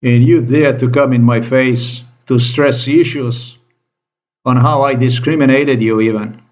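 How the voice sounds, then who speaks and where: A man's voice: medium pitch, fairly even intonation, a little slow, darkish tone. A man delivering a profane, accusing monologue to camera, repeating his phrases as he rants. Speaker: vlogger. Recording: dull lo-fi recording.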